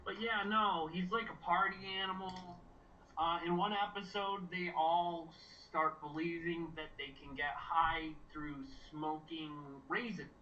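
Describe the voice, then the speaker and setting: A man's voice: fairly high pitch, fairly even intonation, measured pace, bright, forceful tone, recorded from a distance, dull audio, a little hiss or hum. A man hosting a casual watch-party chat, rambling with many fillers. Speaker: podcast host.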